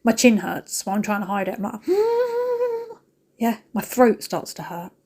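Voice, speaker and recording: A woman's voice: mid-range voice, steady tone, a little fast, a little mellow, slightly rough. A British woman chatting casually to her viewers while she cleans. She rambles and talks straight to camera, and she is emotional and pokes fun at herself. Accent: British English. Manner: emotional, self-mocking. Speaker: cleaning vlogger.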